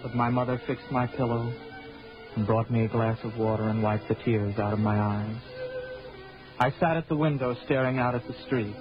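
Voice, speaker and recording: A man's voice: mid-range voice, fairly even intonation, moderate pace. Wistful young man narrating a radio drama. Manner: wistful, gentle. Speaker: narrator and lead actor. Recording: dull old radio recording with music.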